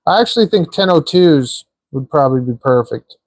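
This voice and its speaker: A man's voice: fairly high pitch, animated, normal speed, no room sound. A man hosting a live stream, chatting casually and joking while he assembles small parts, rambling with lots of filler words. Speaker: livestream host building a drone.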